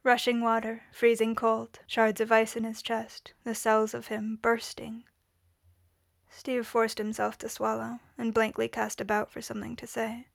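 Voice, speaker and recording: Woman narrator, fiction reading, steady and measured, slightly high, dry close sound. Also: creaky, dry recording. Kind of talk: audiobook-style fiction reading.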